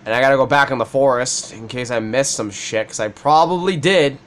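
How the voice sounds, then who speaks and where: A young man hosting a gaming video, chatting casually and swearing, with ranting, mock-shouted retellings. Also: medium pitch, a little fast. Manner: animated, swearing, rants with mock-shouted quotes. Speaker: gaming channel host. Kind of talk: casual chat while playing.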